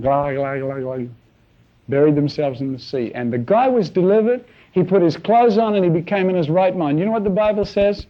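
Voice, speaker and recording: A man preaching a sermon, telling stories in an animated way with acted-out sounds. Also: fairly high pitch, lo-fi sound. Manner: animated storytelling with shouted sound effects.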